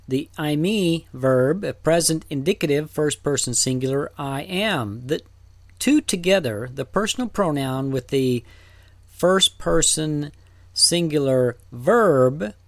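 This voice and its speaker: A man teaching a recorded Greek lesson, talking slowly and deliberately, with fillers and restarts. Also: fairly high pitch, no room sound.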